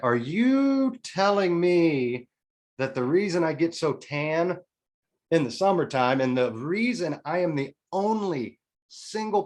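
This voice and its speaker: Candid man in his forties telling his story. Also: on the high side. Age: 40s. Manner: candid and emotional, with casual swearing and restarts. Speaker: podcast guest. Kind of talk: personal storytelling.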